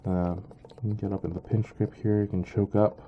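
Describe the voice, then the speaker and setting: A man giving a casual product review, halting and full of ums and uhs. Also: fairly low pitch, little pitch movement, dull audio, a little hiss or hum. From Canada. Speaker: knife reviewer.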